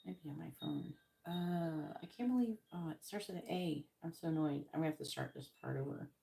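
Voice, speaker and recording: A woman's voice: deep voice, big pitch swings, brisk, creaky, mellow. A tired woman hosting a tarot live stream, chatting casually and rambling, with many ums and self-corrections.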